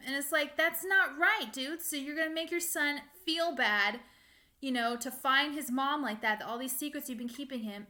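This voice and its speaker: A young woman ranting casually to her viewers, animated and exasperated, with frequent laughs and fillers. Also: a little high. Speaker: fan vlogger. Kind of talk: casual rant to camera.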